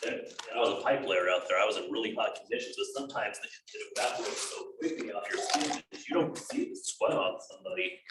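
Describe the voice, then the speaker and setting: A man from Las Vegas in the audience, casually sharing an anecdote about working in hot weather. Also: lowish voice. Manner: casual, chatty. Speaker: audience member. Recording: echoey room, distant mic, faint noise.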